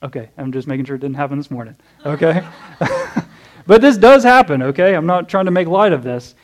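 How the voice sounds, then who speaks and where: A man with a rather high voice and big pitch swings speaks briskly, preaching an expository morning sermon in church as he works through a passage. Conversational, he checks in with "okay?" and "right?" and poses questions to the congregation, then answers them himself.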